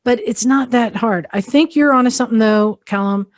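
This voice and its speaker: A woman co-hosting a motorcycle podcast, chatting casually and thinking out loud with many pauses and ums. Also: a little high, dry recording, clean studio sound. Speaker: podcast co-host. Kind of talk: casual chat.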